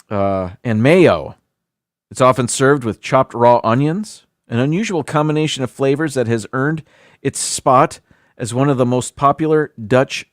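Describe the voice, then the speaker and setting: A man's voice: medium pitch, dry recording, clean studio sound. A man hosting a casual livestream, reading a countdown list aloud with chatty asides and self-deprecating stumbles over foreign words. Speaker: livestream host.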